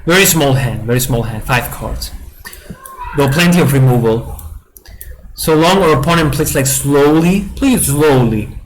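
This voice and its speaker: Slow-talking, giggly man playing cards. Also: mid-range voice, expressive, a little hiss or hum, low-quality recording. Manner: giggly, apologetic, stammering restarts. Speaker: card game streamer. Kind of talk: casual gameplay commentary.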